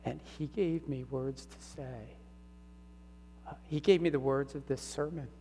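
A middle-aged man preaching a personal sermon testimony, earnest and halting, his voice catching with emotion. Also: medium pitch, fairly even intonation, dark tone. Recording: reverberant hall with faint hum.

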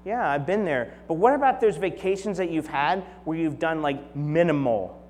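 A man in his forties preaching a conversational sermon. He shifts from lively storytelling to soft, hushed prayerful tones. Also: on the high side, moderate pace. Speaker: pastor. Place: church sanctuary. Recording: long hall reverb with faint mains hum.

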